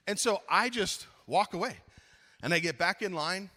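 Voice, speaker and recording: A middle-aged man preaching at a youth conference, telling a funny story with lively acted-out dialogue, then slowing into earnest appeals. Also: high voice, long reverb tail. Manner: animated, acts out his own story, then slows to earnest appeals. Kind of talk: storytelling sermon.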